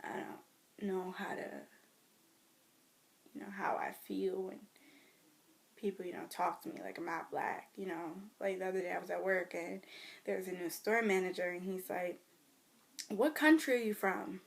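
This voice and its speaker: A young American woman, talking casually to camera about her life, swinging between loud mimicry and near whispers. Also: normal speed, vocal fry, pauses often. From United States. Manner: animated storytelling, mimics others in loud high voices, drops to near whispers. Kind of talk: casual vlog rant. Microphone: phone or webcam.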